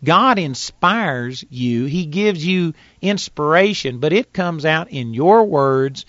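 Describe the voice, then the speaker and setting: A man's voice: a little high, animated, slow pace, fairly bright tone, no echo, lo-fi sound. A man with a Texas accent, teaching from the Bible in a folksy, plainspoken sermon and reading scripture aloud. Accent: Texan. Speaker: preacher.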